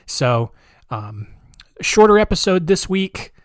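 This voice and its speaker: A man's voice: high-pitched, sing-song, slow, clean tone, no echo, clean studio sound. A man hosting a podcast, talking in a casual, sarcastic, rambling way with joking asides. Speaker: podcast host.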